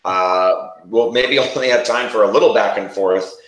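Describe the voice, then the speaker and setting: A man's voice: on the low side, normal speed, a bit bright, roomy sound, poor audio. A man hosting a casual promo chat, talking freely with frequent restarts. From New York area. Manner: chatty, restarts often. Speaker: host.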